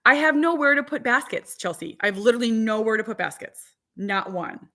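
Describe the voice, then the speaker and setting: Forty-something mom rambling away, lots of "like", casual chat to viewers. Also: female voice, on the high side, lively intonation, pushed and bright. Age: 40s. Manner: chatty and rambling, lots of "like", quick asides. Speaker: vlogger and mother of four.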